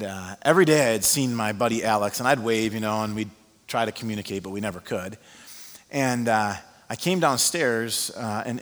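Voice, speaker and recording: A male pastor preaching a sermon as an animated storyteller who uses many fillers. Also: lowish voice. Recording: long reverb of a large hall.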